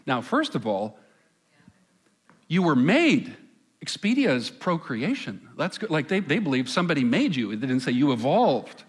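A man preaching a sermon as pastor on a church stage, conversational, asking the congregation questions and pausing for effect. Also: a little high, big pitch swings, breathy edge. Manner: conversational, asks the congregation questions, dramatic pauses.

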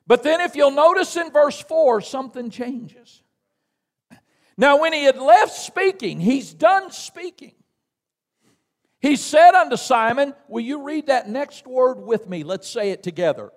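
A Southern American man preaches in a voice pitched unusually high, swinging between easy storytelling and near-shouted emphasis. He keeps calling the congregation to answer him. His voice rings through a church with a long, lingering reverb. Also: lively intonation, unhurried. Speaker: missionary preacher. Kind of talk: sermon. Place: church sanctuary.

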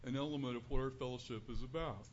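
A man giving an earnest, conversational sermon as a preacher in a church, building to louder emphasis on key points. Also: medium pitch, steady tone, fast. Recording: dull lo-fi recording with faint room noise.

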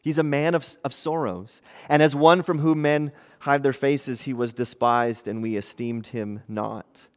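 A man in his thirties, a pastor, preaching in a conversational style that moves between hushed and animated. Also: medium pitch, a little slow, hardly any pauses, long reverb tail. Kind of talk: sermon.

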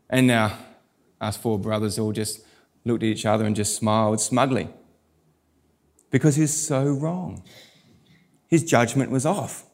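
A middle-aged pastor, preaching a sermon and telling stories with animated quoted voices. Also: male voice, medium pitch, a little slow, creaky, pauses often.

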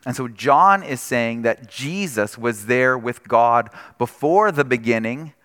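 A man delivers a sermon, explaining and checking in with his listeners as he goes. His voice sits at an ordinary middle pitch. The sound carries a long hall reverb, as in a church sanctuary. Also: lively intonation, measured pace, a bit bright. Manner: conversational, explanatory, with frequent "right?" asides. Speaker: pastor.

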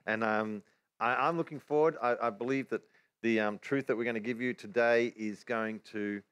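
A man's voice: medium pitch, fairly even intonation, fairly bright tone, clean tone. A man with an Australian accent, a pastor, talking casually through a Bible teaching with many restarts. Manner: quick-talking, restarts often. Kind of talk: casual church teaching chat.

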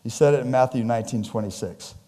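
A pastor preaching a sermon in a church, animated and conversational, joking with his congregation, his pitch and loudness swinging widely. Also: fast talker.

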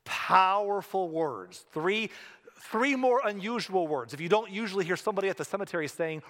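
Male pastor, relaxed storytelling sermon with jokes, higher-pitched voice. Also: brisk. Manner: conversational storytelling with humorous asides. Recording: long hall reverb.

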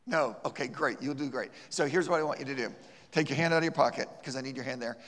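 A man's voice: medium pitch, fast talker, fairly bright tone. A man teaching a church class, who talks it through casually and acts out little scenes with a volunteer. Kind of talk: church teaching with a live role-play. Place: church hall. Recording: reverberant hall.

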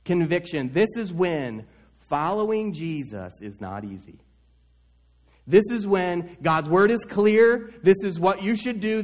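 Higher-voiced male pastor preaching. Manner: storytelling with wide swings in pitch and loudness. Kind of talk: sermon.

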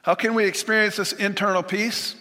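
A man delivers a sermon with an earnest, measured cadence, pausing and restarting now and then as he quotes scripture. His voice sits a touch high and rings bright and forceful. Long reverb from a large church hall trails each phrase. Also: little pitch movement. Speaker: pastor.

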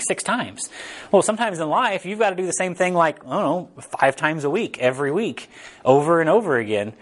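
Man preaching in an easygoing, rambling way. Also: fairly high pitch. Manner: rambling and informal, often checking in with the audience. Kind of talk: casual conversational sermon.

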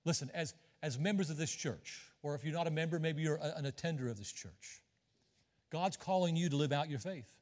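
A high-pitched middle-aged man preaching in a church sanctuary, his voice trailing off into a long hall reverb. He keeps things folksy and conversational, teasing the congregation between points. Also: fairly quick. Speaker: visiting missionary preacher. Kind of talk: sermon.

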